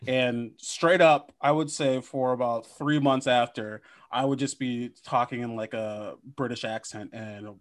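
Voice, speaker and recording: A man with a mid-range voice co-hosts a joking podcast chat. He talks in animated bursts, swears freely and slips into playful mock voices. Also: mid-range voice, measured pace, hardly any pauses. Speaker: podcast co-host. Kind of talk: casual comedic chat.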